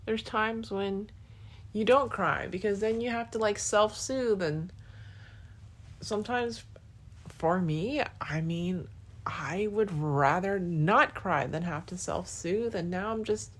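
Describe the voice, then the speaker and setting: On her podcast, a young woman talks slowly to her partner in a medium-pitched voice, like a casual spoken diary. She rambles warmly, repeatedly saying "like" and restarting her thoughts.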